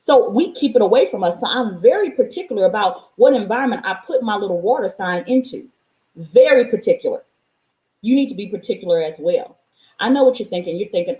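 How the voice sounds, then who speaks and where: A woman's voice: medium pitch, expressive, a little fast, echoey room, phone-quality sound. A woman life coach and mother talking straight to her viewers in an emphatic, preachy way. She repeats lines for stress and swears freely. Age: adult, parent of a young child. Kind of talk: motivational vlog monologue.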